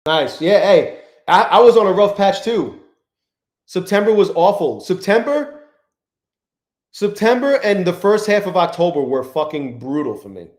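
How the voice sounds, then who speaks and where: Man on a live trading stream, fairly high voice, swears freely, greets his chat, echoey room. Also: animated, moderate pace, a little mellow. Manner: profane, loose, reads out and greets chat viewers.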